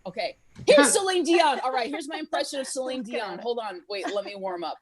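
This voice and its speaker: A woman doing a stand-up set of deadpan one-liners over a live stream from home, often laughing at her own jokes. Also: high voice, a little fast, over a noisy crowd. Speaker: stand-up comedian.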